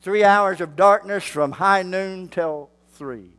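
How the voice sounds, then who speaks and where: A male pastor, preaching a sermon slowly and building to fervent shouts. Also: sits high, clean tone.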